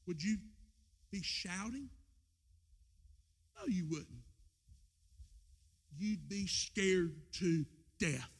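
A male pastor preaching an impassioned sermon in a church, swinging from shouted lines to quiet asides. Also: high voice, animated, drawn-out words, long pauses, slightly rough. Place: church with a screen.

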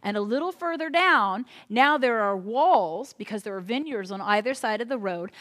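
A woman pastor retelling a story in a sermon, animated and chatty with little asides. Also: fairly high pitch, moderate pace.

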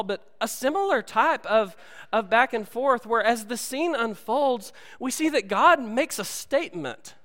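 Lively high-voiced preacher in a reverberant hall. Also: male voice. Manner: animated storytelling, acts out movie dialogue. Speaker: pastor. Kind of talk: sermon. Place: church sanctuary.

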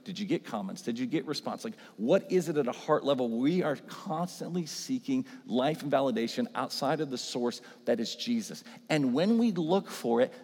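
A man's voice: mid-range voice, lively intonation, normal speed, few pauses, a little mellow, slightly rough. Man preaching a chatty sermon. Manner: conversational, often checking in with "all right?". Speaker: pastor. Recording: echoey hall reverb.

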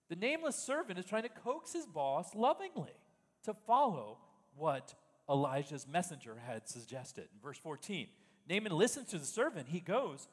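A man's voice: high voice, a bit bright, long reverb tail. A man preaching a sermon in an emphatic style, full of rhetorical questions. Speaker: pastor.

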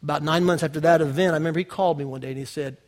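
Male pastor, conversational sermon style, slightly high-pitched, shifts between loud and hushed. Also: steady tone, racing. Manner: conversational preaching with big swings from loud to hushed; personal storytelling, addressing the congregation directly.

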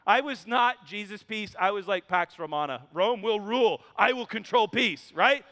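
A male pastor preaching a sermon, telling candid, self-mocking stories with quick asides. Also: sits high, lively intonation, bright, forceful tone. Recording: long hall reverb.

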